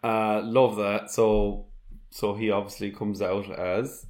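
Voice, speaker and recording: A man's voice: fairly low pitch, flat delivery, slow, darkish tone. A man co-hosting a podcast, chatting about a TV episode in an enthusiastic, jokey fan manner. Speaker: podcast co-host. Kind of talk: casual episode recap chat.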